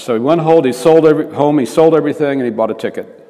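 Earnest preacher in a reverberant hall. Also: male voice, on the high side, quick pace, warm tone. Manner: earnest, restarts phrases while telling the story. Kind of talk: storytelling sermon.

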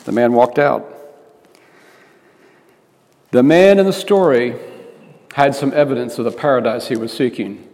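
A man's voice: medium pitch, unhurried, long pauses, a little mellow. A man preaching by telling a story, in an earnest manner that often restarts phrases. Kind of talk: storytelling sermon. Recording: reverberant hall.

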